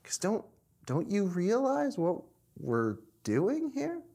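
A man voicing a soft-spoken, earnest factory worker. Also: high voice, huge pitch swings, slow pace, vocal fry, breathy edge, pitched above the performer's own voice, exaggerated voice. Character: cheerful devoted male factory worker.

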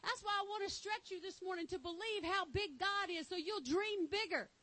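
Texan lady pastor preaching, high voice, all fired up. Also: moderate pace, sharp tone, dry recording, low-quality recording. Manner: fervent, exclaiming, reading scripture aloud. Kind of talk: sermon.

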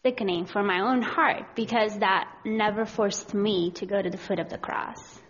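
A woman's voice: medium pitch, steady tone, normal speed, dull audio. Earnest woman giving a church testimony. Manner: earnest, frank, with frequent fillers. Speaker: church speaker. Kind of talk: personal testimony and scripture reading in a sermon.

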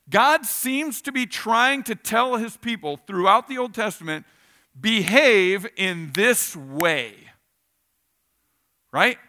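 A male pastor delivers a weekend sermon in a loose, conversational way. His voice sits high and sounds bright and forward, and he keeps slipping into acted-out asides. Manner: casual, animated preaching with acted-out asides.

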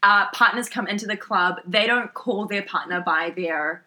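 A woman's voice: mid-range voice, moderate pace, pushed and bright. A woman co-host telling a story casually, acting out quotes and laughing. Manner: chatty storyteller, quoting voices, laughing. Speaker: co-host, dancer. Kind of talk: casual podcast chat.

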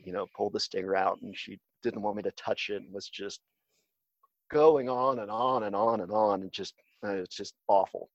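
A man with a lowish voice, recorded dry, chats casually as an interview guest. He's hesitant, full of fillers and restarts, and the recording sounds dull and slightly lo-fi.

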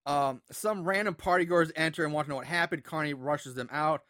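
Animated man recapping a movie plot. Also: fairly high pitch, brisk, no echo, clean studio sound. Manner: animated retelling with acted-out quotes and laughs. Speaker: podcast co-host recapping a film. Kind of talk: casual chat.

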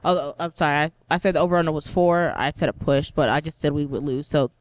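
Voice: mid-range voice, steady tone, fast talker, low-quality recording. A co-host on a casual sports podcast who talks in a chatty, hedging way and giggles often.

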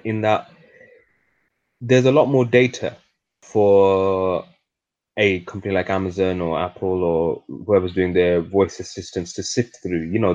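A man with an English accent, a podcast co-host telling a story in casual, chatty conversation. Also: lowish voice. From England. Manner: chatty storyteller, animated when joking. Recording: lo-fi audio.

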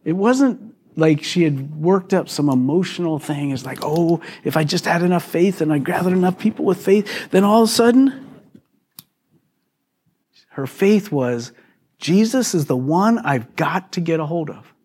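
A man's voice: fairly high pitch, expressive, a little slow, a little mellow, slight background noise. A man, a pastor, preaching a conversational sermon to his congregation, asking questions and laughing often. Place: church hall.

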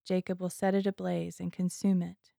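A woman reading scripture aloud in a measured, solemn way. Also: lowish voice, flat delivery, gravelly, mellow, no echo, clean studio sound. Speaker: scripture reader.

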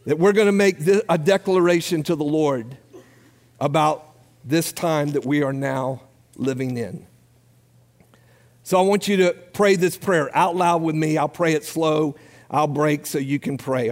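A man preaching a sermon, giving a numbered list with rising emphasis and then leading the congregation in prayer. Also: fairly high pitch. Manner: preaching with rising emphasis and a quiet, slowed close. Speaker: pastor. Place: church sanctuary. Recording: long hall reverb.

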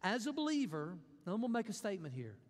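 A man's voice: high voice, very animated, fast talker, long reverb tail. A man preaching a sermon as pastor, emphatic, repeating his points and acting out quotes.

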